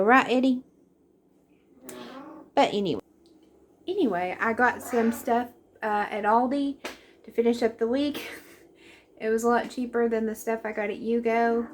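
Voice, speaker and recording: A woman's voice: fairly high pitch, slight background noise. A young woman chatting casually through a grocery haul, rambling and friendly in tone. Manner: chatty, rambling, talks to her cat in a sing-song voice. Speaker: vlogger.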